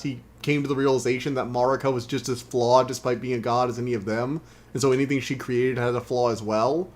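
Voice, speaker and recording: Chatty man commentating a game stream. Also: medium pitch. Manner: chatty, wry, exasperated outbursts.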